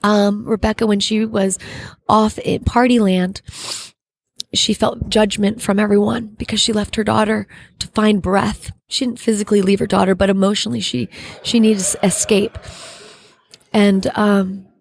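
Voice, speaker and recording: A middle-aged woman, an actress being interviewed, giving an earnest, halting faith testimony and searching for her words. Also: mid-range voice, level tone, creaky, no echo.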